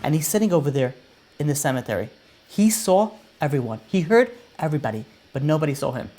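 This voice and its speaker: Rabbi as storyteller, animated, voice swelling and dropping. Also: male voice, on the high side, quick pace. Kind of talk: storytelling sermon.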